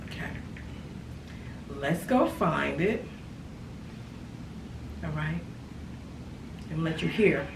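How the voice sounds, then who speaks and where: A woman chatting in a casual haul vlog, animated and repeating phrases for emphasis. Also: sits low, takes it slowly, pauses often. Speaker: lifestyle vlogger. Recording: echoey room, far from mic, background noise.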